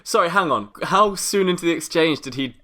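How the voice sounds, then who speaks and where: Bright-toned young British man, playful joker. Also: a little high, lively intonation. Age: young adult. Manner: playful, quick to joke. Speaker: podcast co-host. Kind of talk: casual comedic banter.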